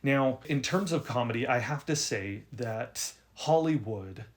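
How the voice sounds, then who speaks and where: A young man hosting a video on writing, telling an embarrassing story in an animated, self-deprecating way with frequent restarts. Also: mid-range voice, unhurried. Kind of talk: casual storytelling to camera.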